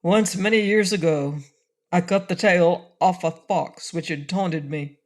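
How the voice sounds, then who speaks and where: A woman playing a gruff, regretful old ferryman. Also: on the low side, lightly acted. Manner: gruff, then mournful confession. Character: grumpy, remorseful male ferryman.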